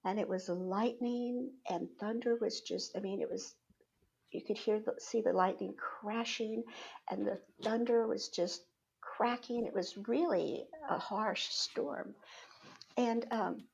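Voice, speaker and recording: Gravelly middle-aged woman telling a story. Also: mid-range voice, takes it slowly, darkish tone, highs cut off. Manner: chatty, laughs often, acts out quotes. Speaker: spiritual reader, podcast guest. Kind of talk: personal storytelling.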